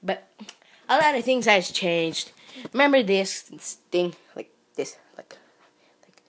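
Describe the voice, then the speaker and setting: A woman vlogger films a casual selfie vlog in her bedroom at home, holding her phone at arm's length. Her voice is medium-pitched and she takes it slowly, though she's excitable and often slips into hushed, whispered asides.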